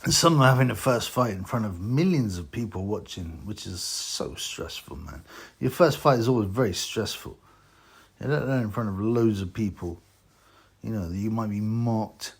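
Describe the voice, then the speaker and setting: Husky low-voiced tipsy man rambling. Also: animated. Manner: rambling, slow, with many fillers. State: tipsy from drinking. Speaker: boxing vlogger. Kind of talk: casual rambling commentary.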